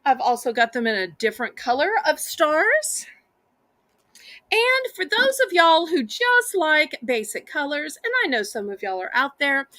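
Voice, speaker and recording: A woman's voice: sits high, sharp tone, no room sound. A woman with a Southern US accent hosting a live home-shopping auction, chatty and sweet, calling the viewers y'all.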